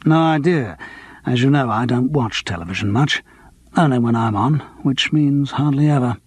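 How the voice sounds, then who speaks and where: A man's voice: mid-range voice, expressive, moderate pace, slightly rough, dry recording. A man voicing a theatrical middle-aged stage actor with a grandiose, self-mocking manner. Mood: mock-pompous.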